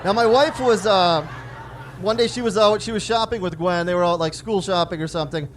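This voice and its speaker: A high-pitched man in his forties speaks fairly quickly, slight background noise behind him. His stand-up comedy consists of storytelling about his daughters, self-deprecating jokes, and acted-out family exchanges.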